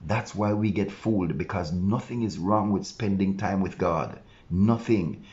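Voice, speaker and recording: Man, very deep voice, pastor, earnest devotional sermon, dull lo-fi sound. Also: measured pace, a little mellow. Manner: earnest preaching, acting out objections and quotes.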